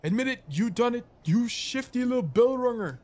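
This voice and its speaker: A man's voice: extremely high pitch, expressive, normal speed, darkish tone, pitched above the performer's own voice. A man voicing a grouchy male bug caretaker in a put-on English accent, reading game dialogue aloud and scolding.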